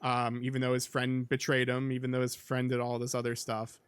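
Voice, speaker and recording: A man's voice: mid-range voice, completely flat delivery, fairly quick, clear, resonant tone, dry recording. A man hosting a podcast, recapping a film in casual chat, rambling with lots of ums and likes. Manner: rambling, filler-heavy, with many ums and likes. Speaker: podcast host.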